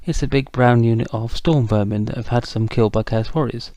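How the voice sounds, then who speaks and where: A man's voice: mid-range voice, a little fast, dark tone, dry recording. A man casually narrating a tabletop wargame battle report, chatty and self-deprecating, with frequent ums. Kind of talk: casual game recap narration.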